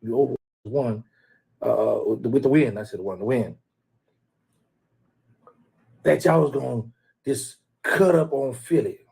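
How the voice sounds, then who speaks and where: Guy on a live stream talking trash at the other team's fans, gravelly husky voice, keeps shouting out folks in chat. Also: mid-range voice, measured pace, long pauses. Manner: teasing, rambling, trash-talking, shouts out viewers. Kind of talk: casual live-stream rant.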